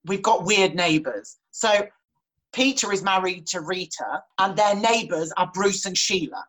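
A young adult woman telling a story in casual chat, animated and laughing, with plenty of swearing. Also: mid-range voice, unhurried, low-quality recording. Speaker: guest, horse rider.

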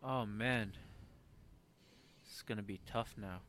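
A young man co-hosting a casual podcast, blunt and loose, with many fillers and quick agreements. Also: on the low side, a bit bright. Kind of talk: casual chat.

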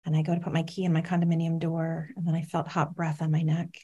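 A woman's voice: deep voice, flat delivery, fast, mellow, slightly rough. A woman in her forties, a motivational speaker, telling a personal story on stage with dramatic pacing and questions to the audience.

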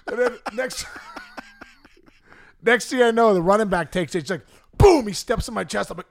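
A middle-aged man from the Pittsburgh area telling comic stories on a podcast, acting out quotes with shouts and laughs. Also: high voice, moderate pace, vocal fry, pauses often. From Pittsburgh area, USA. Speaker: podcast guest. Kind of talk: comic storytelling.

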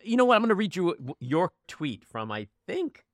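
A man hosting a casual political chat, animated, sarcastic and emphatic. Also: high voice, normal speed, no room sound. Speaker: podcast host.

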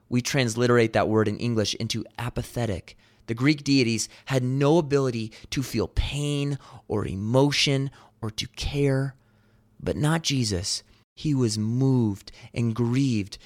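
A man preaching a sermon, earnest and emphatic, slowing down on key lines. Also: medium pitch. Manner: earnest, emphatic, slows for weight.

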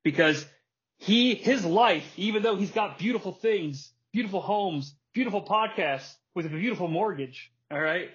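A man with a husky, fairly high voice talks as a podcast host, spinning an animated story and dropping in quick impressions. The audio is dull and lo-fi. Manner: animated storytelling, acts out wrestler quotes and laughs often. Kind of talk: casual chat.

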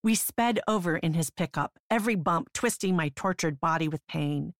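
A woman narrating her own memoir in the first person, in a measured, sober way. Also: lowish voice, no room sound, studio quality.

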